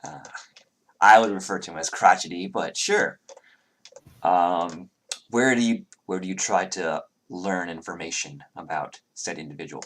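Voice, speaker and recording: A man with a very low voice runs a tabletop game as game master. He narrates scenes hesitantly, leaning on fillers as he goes. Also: unhurried, a little hiss or hum.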